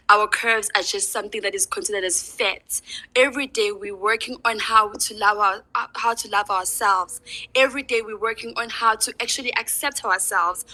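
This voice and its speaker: A woman's voice: fairly high pitch, sharp tone, rough recording. A woman giving an impassioned, angry personal testimony in an online audio discussion, asking rhetorical questions.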